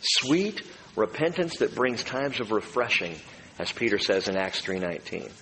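Animated male preacher in an echoing hall. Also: fairly low pitch, moderate pace, a little hiss or hum. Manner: animated preaching, dramatizes quoted voices. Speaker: pastor. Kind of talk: sermon. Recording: reverberant hall, faint room ambience.

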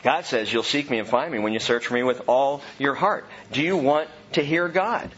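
A man's voice: medium pitch, moderate pace, a bit bright, lo-fi sound. A man preaching a sermon, earnest and emphatic, asking his listeners question after question. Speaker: pastor.

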